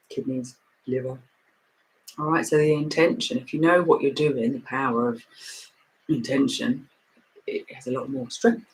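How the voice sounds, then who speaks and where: A woman's voice: very deep voice, rough recording. Woman casually guiding breathing exercises. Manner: loose, rambling instruction with frequent restarts. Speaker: meditation and breathing teacher. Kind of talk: casual guided breathing and stretching session.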